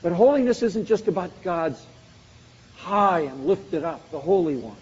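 A man with a fairly high voice preaches a sermon, building emphasis through repeated phrases. The sound is dull and muffled. A long reverb from a large hall hangs behind his words. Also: lively intonation, measured pace, a little mellow, breathy edge. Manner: emphatic, repetitive preaching cadence.

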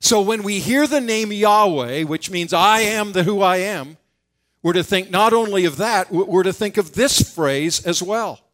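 A man's voice: sits high, a little slow, a bit bright. A man preaching an expository sermon, explaining scripture and voicing quoted lines with rising intensity.

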